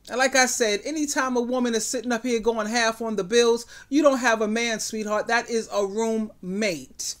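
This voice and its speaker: A woman's voice: fairly high pitch, steady tone, moderate pace, few pauses. A woman hosting a commentary vlog, giving emphatic, outspoken relationship advice.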